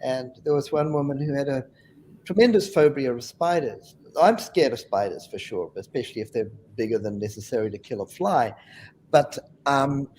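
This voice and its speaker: A man's voice: mid-range voice, normal speed, a little mellow, a little hiss or hum. A man on a webinar panel telling funny anecdotes in a chatty way and laughing at his own stories.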